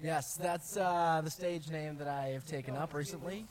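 A man co-hosting a late-night radio show, playful and deadpan. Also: fairly high pitch, normal speed.

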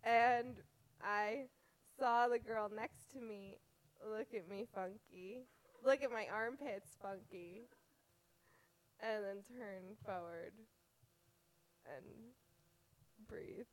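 Young woman chatting slow, giggles a lot, halting, taking her time. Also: mid-range voice, rough recording. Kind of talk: casual chat.

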